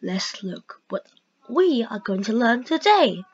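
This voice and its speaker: A woman teaching a grammar lesson, reading example sentences aloud slowly and carefully. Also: a little high, sing-song, slightly rough. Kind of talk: slow grammar lesson narration. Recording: dull lo-fi recording.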